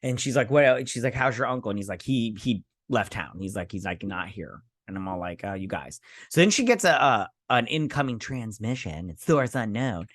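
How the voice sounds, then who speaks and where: A man's voice: lowish voice, big pitch swings, normal speed, few pauses, fairly bright tone, no room sound, studio quality. Sarcastic rambling man recapping a show. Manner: sarcastic, rambling, quotes characters in put-on voices. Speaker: host. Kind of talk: casual episode recap.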